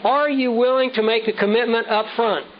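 A man preaching a sermon with measured, emphatic delivery, slowing down to stress key words. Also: very high voice, fairly even intonation. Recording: dull lo-fi sound with faint noise.

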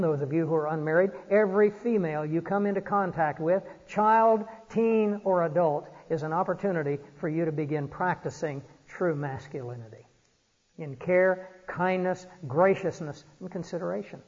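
A man preaching an earnest, exhorting sermon from a church pulpit, often pausing on "uh". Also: fairly high pitch, a little mellow. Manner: earnest, exhorting, frequent "uh" fillers. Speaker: pastor. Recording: dull recording in a reverberant church hall.

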